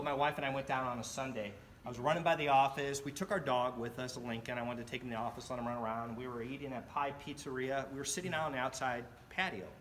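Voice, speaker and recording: A middle-aged man telling a personal story in a club speech, animated and acting out the voices of the people in it. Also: mid-range voice, slight background noise. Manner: animated, acts out quoted voices. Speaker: club speaker.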